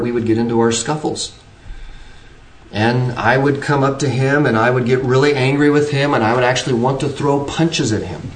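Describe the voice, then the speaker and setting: A man's voice: mid-range voice, slight background noise. A man preaching an earnest sermon, pressing his points with shifting emphasis and frequent restarts. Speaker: pastor. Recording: roomy, distant from the mic.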